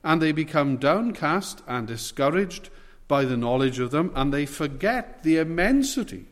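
A man preaching an expository sermon in a measured, earnest way, leaning hard on key words. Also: a little high, big pitch swings, big-room sound.

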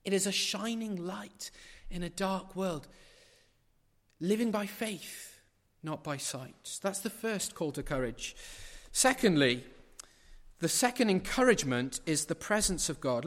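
A middle-aged man preaching in a church, his fairly high voice carrying with a long hall reverb. He is emphatic and drives his points home by repeating phrases. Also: animated, unhurried. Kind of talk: sermon.

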